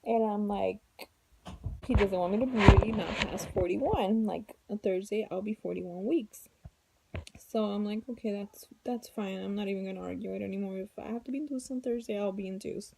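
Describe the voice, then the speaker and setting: A woman's voice: mid-range voice, normal speed, vocal fry, background noise. A tired, heavily pregnant woman at home, chatting casually to her viewers in a rambling, weary, venting way. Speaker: vlogger. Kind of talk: casual chat to camera.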